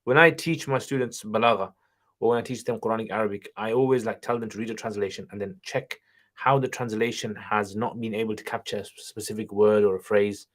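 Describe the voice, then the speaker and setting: A man hosting a casual livestream Q&A while driving, reading viewer questions aloud and answering them in a relaxed, chatty way. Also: lowish voice, fairly quick. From England. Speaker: channel host, Islamic teacher. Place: car, driving while streaming.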